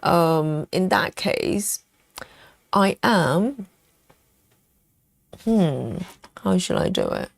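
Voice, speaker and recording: Slow, lively-pitched woman with gravelly edge. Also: dry recording. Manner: chatty, laughs often, thinks aloud. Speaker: cross-stitch streamer. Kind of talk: live stitch-along chat.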